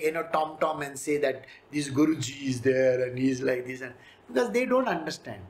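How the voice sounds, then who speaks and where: Animated Indian English spiritual teacher. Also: mid-range voice. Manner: conversational, acts out quotes in playful voices. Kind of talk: devotional talk on scripture. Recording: roomy echo.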